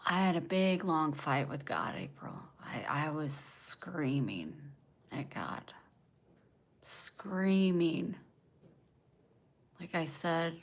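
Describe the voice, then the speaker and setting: A woman on a livestream from home, speaking in a lowish voice at an unhurried pace. She vents raw and emotional, pausing to answer viewers by name. Her delivery is casual and direct. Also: big pitch swings.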